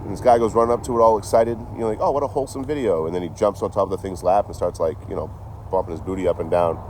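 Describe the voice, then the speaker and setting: Young male train-hopper streaming outdoors, low voice, loose profane rambling, street noise behind. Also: steady tone, very fast, a little mellow. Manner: rambling, profane, laughs between thoughts. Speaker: train-hopping livestreamer. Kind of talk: casual live stream chat. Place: outdoors in town near a store.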